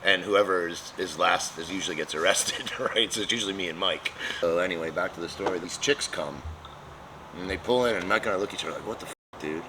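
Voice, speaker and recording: A man with a very low voice tells a rowdy story about his shop, swearing freely and laughing as he goes. The recording has clear background noise from the shop around him. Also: brisk. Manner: profane, laughing, animated storyteller. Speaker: custom motorcycle shop owner. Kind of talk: casual storytelling chat. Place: motorcycle shop.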